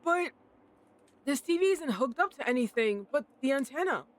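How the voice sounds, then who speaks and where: A woman's voice: sits high, expressive, moderate pace. A woman streamer playing a visual novel, reading its lines aloud and joking around with lots of laughter and swearing. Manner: profane, laughs a lot. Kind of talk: reading game dialogue aloud with commentary.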